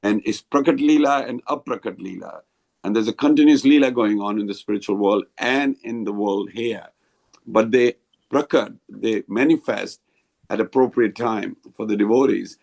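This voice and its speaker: A man leading a devotional group discussion over a video call, explaining slowly and rambling a little. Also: on the low side, gravelly, darkish tone.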